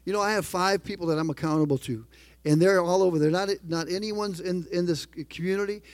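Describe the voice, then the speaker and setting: A man's voice: high-pitched, a little fast, dry recording. A middle-aged man preaching a sermon as pastor, emphatic and calling out to the congregation for responses.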